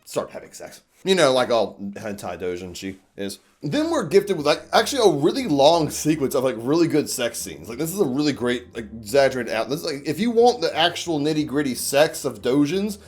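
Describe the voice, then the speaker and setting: A man's voice: fairly high pitch, big pitch swings, brisk, hardly any pauses. A man giving a casual, crude and jokey review monologue, often acting out quoted lines. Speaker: YouTuber reviewing manga.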